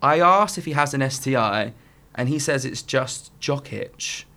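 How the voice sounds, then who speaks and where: A man's voice: medium pitch, lively intonation, unhurried, pushed and bright. A man in his twenties hosting a podcast in casual chat, reading out listener dilemmas and teasing with frequent laughs. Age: 20s. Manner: giggly, playful, teasing. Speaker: podcast host.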